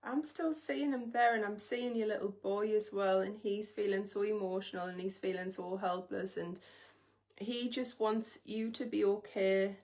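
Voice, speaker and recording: A woman's voice: medium pitch, steady tone, normal speed, a little mellow. A woman giving a live spiritual reading, talking in an emotive, intimate way and speaking straight to the viewer. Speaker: psychic reader on a livestream.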